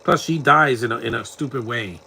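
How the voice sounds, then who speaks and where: A man talks along with a film in a loose, mocking way and laughs often at what he sees. His voice is bright and forceful. A faint murmur of background sound sits under his speech. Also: mid-range voice, a little fast, gravelly, a little hiss or hum. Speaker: movie commentator. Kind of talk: casual live movie commentary.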